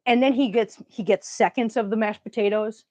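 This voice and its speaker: A woman's voice: a little high, steady tone, brisk, no echo. A woman with a Minnesotan accent hosting a casual livestream, chatting with viewers and telling stories. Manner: chatty, storytelling, greets viewers warmly. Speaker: livestream host.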